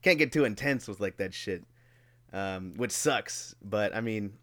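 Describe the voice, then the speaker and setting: A man's voice: lowish voice, a little slow, a bit bright, no room sound. A young man hosting a podcast in casual chat. He is laid-back, swears freely and laughs often. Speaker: podcast host. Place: warm home room.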